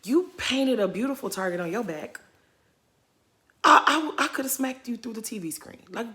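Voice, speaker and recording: A sassy voice giving off-the-cuff reality TV reaction commentary. The pitch swings widely, and the tone is bright and forceful as the speaker talks straight at the people on screen. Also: animated, normal speed.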